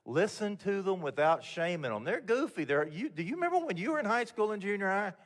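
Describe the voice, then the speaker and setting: A man's voice: high voice, sing-song, brisk. An older man gives a motivational talk to a room of mentors. He talks in a candid, homespun way and often restarts his sentences. His voice carries a long reverb from the event hall. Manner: folksy, candid storytelling with frequent restarts. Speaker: guest speaker.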